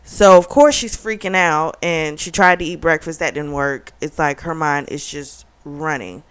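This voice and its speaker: A woman reviewing a book, retelling the plot in a chatty, animated way and often saying "like". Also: low-pitched, moderate pace, clean tone. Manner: chatty and animated, heavy use of "like", laughs often. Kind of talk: casual plot recap.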